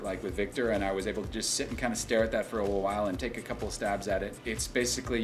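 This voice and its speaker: A voice actor talking casually about his work, rambling a bit with restarts. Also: fairly low pitch. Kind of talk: casual interview talk.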